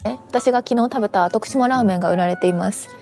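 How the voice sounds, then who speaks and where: A woman's voice: mid-range voice, very fast, darkish tone. A woman from Japan narrating a travel vlog, chatty and musing aloud to herself. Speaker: travel vlogger.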